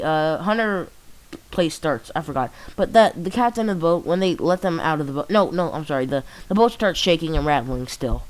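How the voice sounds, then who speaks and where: A man casually retelling a fan story, rambling and halting, full of fillers and restarts. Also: on the high side, rough recording. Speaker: channel host.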